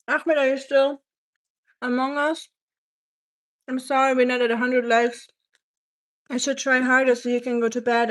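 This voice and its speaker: A woman from Germany hosts a cooking live stream and speaks English with a German accent. She chats loosely and answers viewer comments one after another. Her voice sits a little on the high side. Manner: chatty, reads viewer comments aloud and answers them. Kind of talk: casual live-stream chat while cooking.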